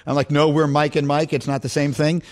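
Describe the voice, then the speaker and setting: Animated middle-aged male radio host. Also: a little high, a little fast. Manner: animated storyteller, laughs often, playful. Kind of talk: casual sports radio chat.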